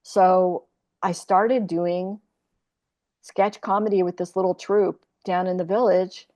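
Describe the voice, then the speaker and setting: A woman's voice: fairly low pitch, little pitch movement, slow pace, a little mellow. A woman in her sixties, a podcast guest telling a candid personal story in a rambling, profane way, full of fillers and restarts.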